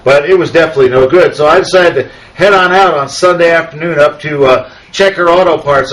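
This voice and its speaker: A man's voice: a little high, a bit bright, rough recording. A man hosting a motorcycle webcast, telling a rambling story and showing repair steps in a casual way. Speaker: host. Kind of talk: casual how-to chat and storytelling.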